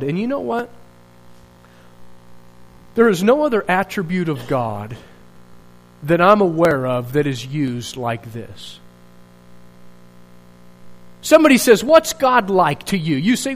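A man's voice: a little high, big pitch swings, slow pace, pauses often, poor audio. A male pastor preaching a sermon in an earnest, searching way, asking rhetorical questions and restarting his phrases.

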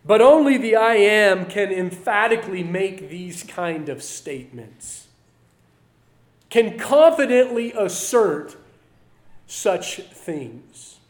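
A man preaching a sermon to his church, repeating key phrases and swinging between loud declarations and quiet asides. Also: sits high, animated, slow. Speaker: pastor.

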